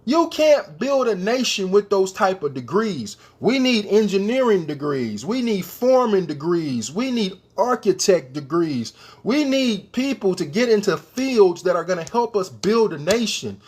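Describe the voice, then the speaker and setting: High, animated man ranting. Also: normal speed. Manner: emphatic, repeats rhetorical questions; addresses the viewers directly. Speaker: commentator. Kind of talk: opinion rant to camera.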